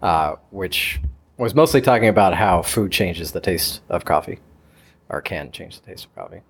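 A man hosting a coffee podcast who steers the chat along in a relaxed way. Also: low-pitched, normal speed, vocal fry, husky. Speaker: podcast host.

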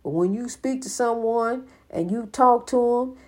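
An older woman with a fairly high voice preaches at a measured pace in an informal monologue. As a spiritual speaker, she drives her points home by repeating them with folksy emphasis.

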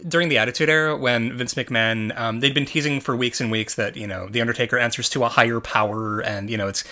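A man's voice: medium pitch, fairly even intonation, fast, bright, forceful tone. A man co-hosting a podcast, talking casually about movies in a rambling way, with lots of fillers and restarts. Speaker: podcast co-host.

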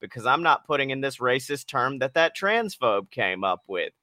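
A man with a bright, forward voice leads a casual podcast chat, playful and quick to swear. The sound is dry and close to the mic. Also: medium pitch, sing-song, no echo. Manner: playful, joking, swears freely. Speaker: podcast co-host.

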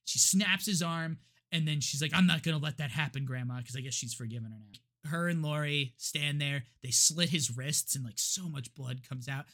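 A man's voice: a little high, normal speed, bright, forceful tone. A man co-hosting a podcast, retelling a movie's plot in casual chat with lots of restarts and laughs. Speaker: podcast co-host.

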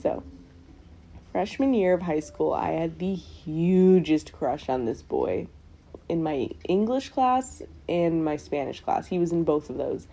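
A young woman hosting a podcast, telling her stories in a casual, animated way with frequent swearing and laughter. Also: low-pitched, unhurried. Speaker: podcast host. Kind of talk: casual storytelling.

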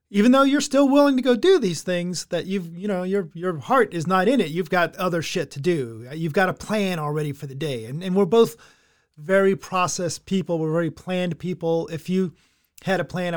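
Man, high-pitched for a male, casual co-host, plainspoken and profane. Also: normal speed. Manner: blunt, swears freely, explains with examples. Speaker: podcast co-host. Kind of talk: casual chat.

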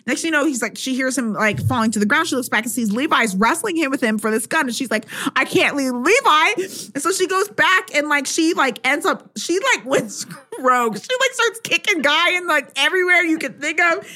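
A young woman co-hosting a podcast, excitedly retelling a novel's plot in casual chat with lots of filler words. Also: high-pitched, fairly quick, hardly any pauses. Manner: excitable storyteller, heavy "like" filler, acts out quotes. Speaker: podcast co-host.

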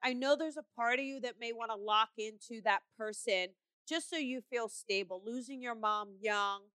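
A middle-aged woman hosts a call-in show as a psychic medium, passing on reassuring messages to callers. Her voice is bright and crisp, a little higher than most. The sound is dry and close. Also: normal speed, no room sound. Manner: warm, reassuring, calls callers honey. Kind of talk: call-in radio show reading.

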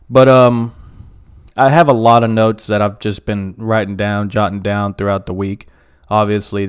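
Man, solo podcast host, casual rant, profane and rambling, lowish smooth voice. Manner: profane, rambling, frequent fillers.

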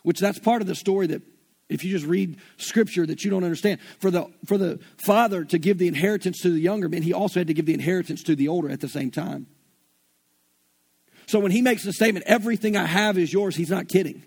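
A man's voice: high-pitched, quick pace, creaky, darkish tone, breathy edge. A man with a Southern US accent preaching an earnest, folksy sermon and retelling scripture in everyday slang. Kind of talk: conversational sermon.

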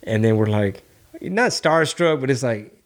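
Male podcast co-host: loose, profane, animated storyteller, sprinkles in Spanish. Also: medium pitch, measured pace. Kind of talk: casual podcast chat.

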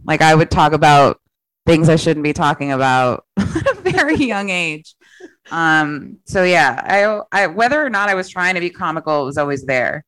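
A woman comedian in a casual interview, telling childhood stories in a chatty way, laughing often and quoting herself in lively put-on voices. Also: low voice, smooth, no echo, poor audio. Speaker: comedian guest.

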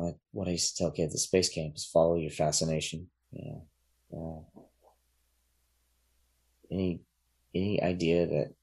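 A man talking as a podcast guest in casual chat, relaxed and rambling, with many fillers and restarts. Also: sits low, gravelly, slightly rough.

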